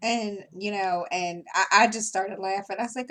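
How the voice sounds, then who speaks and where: Slow, rambling woman vlogging while crafting. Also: medium pitch, fairly bright tone. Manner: rambling, hesitant, many fillers and restarts; chuckles between thoughts. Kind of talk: casual chat while crafting.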